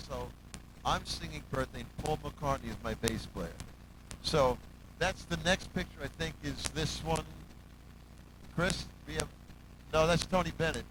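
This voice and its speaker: Animated storytelling man. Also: unhurried, long pauses, noisy background. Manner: animated, acts out quotes, hums bass lines and counts beats. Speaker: musical director telling stories. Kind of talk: casual storytelling interview.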